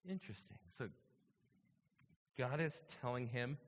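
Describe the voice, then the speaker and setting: A man's voice: mid-range voice, measured pace, long reverb tail, muffled recording. A man preaching a sermon, reading scripture aloud and then explaining it in a conversational teaching manner, often checking in with his listeners.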